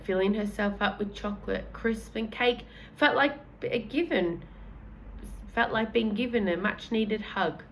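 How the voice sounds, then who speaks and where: A woman's voice: medium pitch, a little slow, fairly bright tone, a little hiss or hum, low-quality recording. A woman reading a children's book aloud in a casual way, correcting her own slips as she goes. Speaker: reader.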